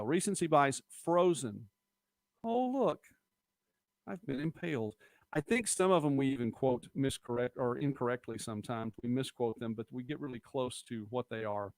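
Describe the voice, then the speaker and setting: A man's voice: mid-range voice, expressive, normal speed, a little mellow, no room sound. A middle-aged man chats his way through viewer comments on a live-stream, rambling and easygoing. His voice sits in the middle range and is recorded close up with no room sound at all. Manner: chatty, rambling, quotes movie lines. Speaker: host of a local live-stream show.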